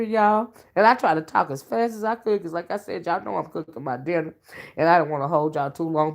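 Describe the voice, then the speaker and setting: Chatty woman livestreaming to her viewers. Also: on the low side. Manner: chatty, folksy, calls listeners honey and child; effusive, thanks viewers by name. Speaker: self-styled oracle and livestream host. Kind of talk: casual livestream chat, reading viewer comments. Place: at home while cooking dinner.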